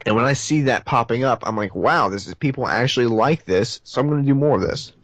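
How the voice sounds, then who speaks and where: A man talking casually as a guest, relaxed and chatty, who often restarts his sentences. His pitch moves a lot as he tells his stories. The sound is dry and close, with no room in it. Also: a little fast, no room sound. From Nashville, Tennessee. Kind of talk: casual interview chat.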